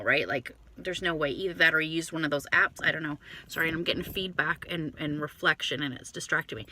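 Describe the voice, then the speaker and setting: A woman tells a dating story casually from inside her car, talking into a phone. Her voice is bright and her delivery animated and profane, full of quick asides. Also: on the low side. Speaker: vlogger telling a story.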